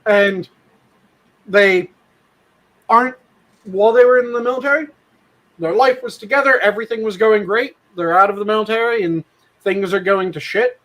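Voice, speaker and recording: A man with a high voice talks in casual podcast chat. He is blunt and swears freely. He explains his points at length. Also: moderate pace, long pauses, a bit bright, poor audio. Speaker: podcast co-host.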